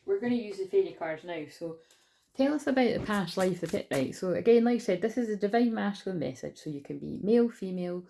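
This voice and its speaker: A woman giving a casual spiritual card reading at home, chatty and rambling with excitable asides. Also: medium pitch, quick pace, vocal fry, a little hiss or hum. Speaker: tarot reader. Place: at home indoors.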